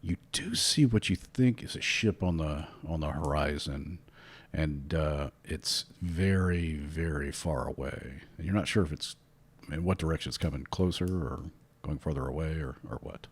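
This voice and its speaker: A man narrating as game master for a tabletop game, relaxed and rambling with many fillers. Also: very deep voice, normal speed, breathy edge.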